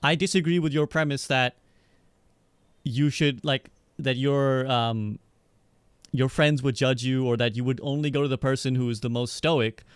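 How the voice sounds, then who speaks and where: A man on a podcast calmly arguing his point, reasoning aloud and often checking in with "right?". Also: medium pitch, moderate pace, clean tone, no room sound, clean studio sound. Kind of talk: casual debate.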